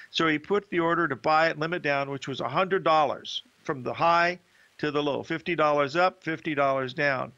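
A man's voice: a little high, normal speed, pushed and bright, lo-fi sound. An older man hosting a market show, talking in a rambling, folksy way with many fillers. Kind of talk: casual market commentary and storytelling.

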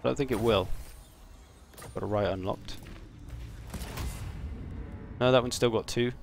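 A man's voice: mid-range voice, unhurried, creaky, faint music behind. A man casually commenting on his game stream, chatting and swearing while answering viewers.

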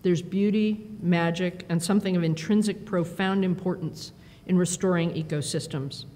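A woman giving a conference talk, telling lively self-deprecating stories with quoted dialogue into a podium microphone. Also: normal speed. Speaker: conference speaker. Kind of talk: storytelling keynote speech. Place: large conference hall. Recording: reverberant hall with faint rumble.

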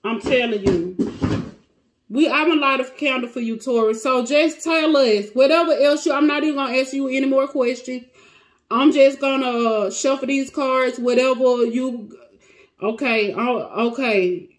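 A woman's voice: high voice, normal speed. A woman with giving a casual, emotional tarot reading to her viewers, close to tears. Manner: emotional, dramatic, talks to cards and viewers. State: near tears. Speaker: tarot reader.

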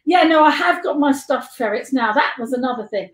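Older woman, London accent, high voice, echoey room, rambling giggly storyteller on a video call. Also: animated, fairly quick. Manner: chatty, giggly storyteller who jumps between tangents. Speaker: guest and life model. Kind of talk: rambling anecdotal chat. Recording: echoey room on a live stream.

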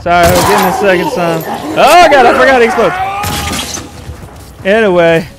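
A man's voice: sits high, fairly quick, loud music behind the voice. A man co-hosting a gaming video, telling absurd jokes in a dry way and laughing often. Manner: joking, deadpan absurd storytelling, laughs often. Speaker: gaming co-host. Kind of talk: casual let's-play commentary.

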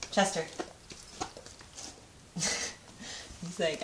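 A woman's voice: medium pitch, big pitch swings, extremely slow, pauses often. A woman filming her baby's feeding at home, talking to the baby and the dog in a sing-song baby voice with lots of laughter. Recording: echoey room with faint noise.

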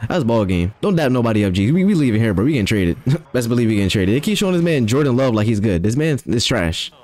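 A young man giving casual, excitable commentary while playing a video game, trash-talking and exclaiming as he plays. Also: medium pitch, quick pace. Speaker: gamer. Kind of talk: live gameplay commentary.

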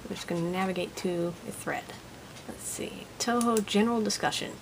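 A woman's voice: mid-range voice, moderate pace, vocal fry, background noise. A woman casually reviewing a product at her home desk, chatty, giggly and self-deprecating.

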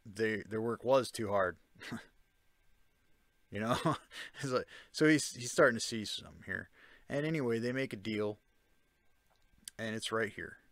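A man's voice: medium pitch, measured pace, pauses often, a bit bright, no room sound. A man giving a casual spoken explanation, often checking in with the listener by asking "Okay?" and "Right?". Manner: conversational, with fillers and restarts. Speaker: self-taught commentator on ancient texts.

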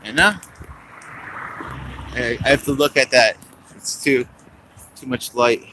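A man rambling through improvised stand-up jokes and stories in a halting, meandering way. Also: mid-range voice, bright, forceful tone, slight background noise, poor audio.

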